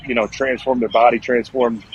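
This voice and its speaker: A man's voice: medium pitch, little pitch movement, normal speed, dull audio, slight background noise. A man in his thirties, a former pro football lineman, telling stories in a casual, profane, rambling podcast chat. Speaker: former NFL offensive lineman guest.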